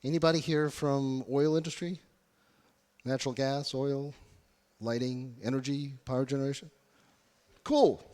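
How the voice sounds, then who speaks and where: A man's voice: mid-range voice, little pitch movement, normal speed, darkish tone. A man giving a UX workshop talk to a live audience, engaging them with questions. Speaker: UX workshop speaker. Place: conference room. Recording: reverberant conference hall.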